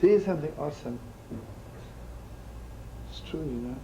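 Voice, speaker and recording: An older man, a rabbi, teaching in an animated, chatty sermon full of stories and jokes, using Yiddish and Hebrew terms. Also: fairly high pitch, moderate pace, a little hiss or hum, rough recording.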